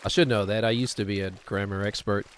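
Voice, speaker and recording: A man's voice: fairly low pitch, fairly even intonation, fast talker, slight background noise. A middle-aged man from New Zealand with a New Zealand accent, chatting casually as a streamer while gaming, rambling and correcting himself as he goes. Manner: rambling, self-correcting, chuckling.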